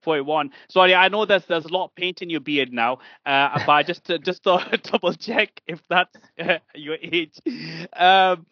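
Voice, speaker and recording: A man's voice: fairly high pitch, moderate pace, few pauses, no echo. A man hosting a casual podcast chat, speaking hesitantly with many fillers and restarts. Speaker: podcast host. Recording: dull lo-fi dry sound.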